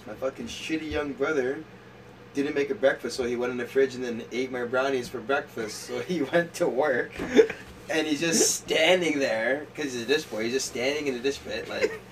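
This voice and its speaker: A man's voice: mid-range voice, normal speed, far from the mic. A man telling stories in casual chat, rambling with lots of "like" and frequent laughter. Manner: rambling storyteller, laughs often, says "like" a lot. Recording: noisy room, voice a bit off-mic.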